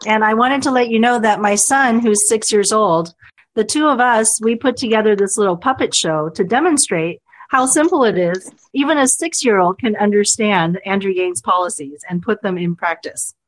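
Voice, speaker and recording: A woman's voice: mid-range voice, moderate pace. A woman in her thirties, a podcast panelist in a casual group discussion, earnestly explaining her ideas. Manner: earnest, explains with frequent fillers and restarts.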